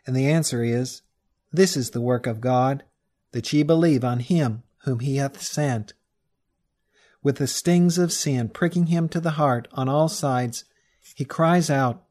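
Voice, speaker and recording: A man of middle pitch reads a religious text aloud. His delivery is measured and solemn, and he slows down on the quoted scripture. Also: darkish tone. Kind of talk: read-aloud sermon text.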